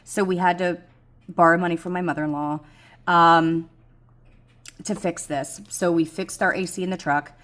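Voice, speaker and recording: A woman's voice: fairly low pitch, steady tone, moderate pace, long pauses, a bit bright. A middle-aged woman, chatting frankly about her budget goals, rambling with many ums and poking fun at herself. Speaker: budgeting vlogger. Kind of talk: casual chat to camera.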